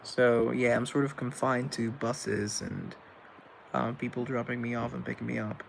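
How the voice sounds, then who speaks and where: A man's voice: medium pitch, little pitch movement, moderate pace, vocal fry, a little hiss or hum. A man hosting a live stream, chatting casually with viewers in a rambling, joking, self-deprecating way. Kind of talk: casual chat reading viewer comments.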